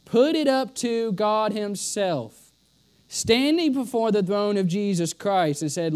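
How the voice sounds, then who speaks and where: Emphatic high-voiced male preacher. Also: animated, takes it slowly, darkish tone, clean tone. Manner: emphatic, repeats lines for stress. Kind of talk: sermon.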